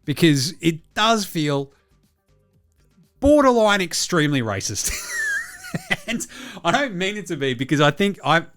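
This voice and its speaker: Swearing Australian man, very lively delivery. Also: on the high side, normal speed, faint music behind. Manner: swears constantly, blunt and rambling. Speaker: podcast host. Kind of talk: solo sports talk, reading listener messages.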